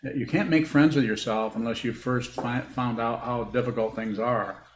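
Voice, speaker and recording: Male Buddhist teacher, thoughtful and halting, live hall recording with echo. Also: medium pitch, steady tone. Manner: halting, thoughtful, repeats words as he rethinks. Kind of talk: dharma talk answering questions. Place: meditation hall with a group. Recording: echoey room with faint hiss.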